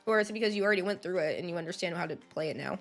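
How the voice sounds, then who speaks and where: Woman streamer, casual and chatty with chat, quick to laugh, voice recovering from having been lost, light music underneath. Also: lowish voice. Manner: chatty, greets viewers, laughs often. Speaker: streamer playing a game.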